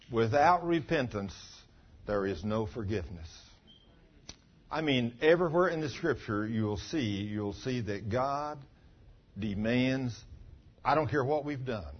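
A man preaching a sermon in a husky, slightly raised voice that swoops widely up and down. He hammers his points with rhetorical questions and acts out remembered conversations. The recording sounds dull and lo-fi. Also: medium pitch. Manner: emphatic, fond of rhetorical questions.

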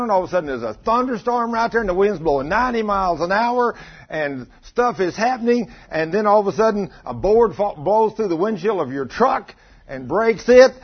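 Husky preacher telling folksy stories. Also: male voice, high voice. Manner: folksy storytelling, teasing the congregation. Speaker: pastor. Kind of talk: sermon. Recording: dull lo-fi sound.

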